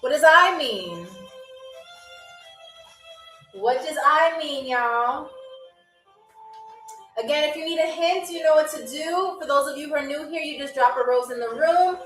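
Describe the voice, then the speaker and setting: A woman with a high voice hosts a live-streamed trivia game show, and she speaks slowly and deliberately. Her manner with the viewers is playful and teasing. The sound is roomy and echoey. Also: a bit bright, soft background music.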